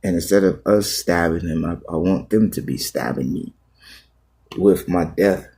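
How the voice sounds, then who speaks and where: A man with a very low, husky voice speaks as a pastor to his livestream viewers. His talk is a raw, halting confession that circles back on itself with repeated phrases. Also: darkish tone.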